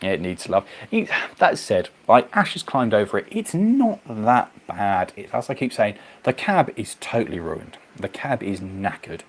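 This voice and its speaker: A man hosting a casual livestream, chatting to viewers in a rambling, animated way. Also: on the low side, unhurried, breathy edge. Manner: rambling, animated, goes off on tangents. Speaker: livestream host. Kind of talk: casual chat reading viewer comments.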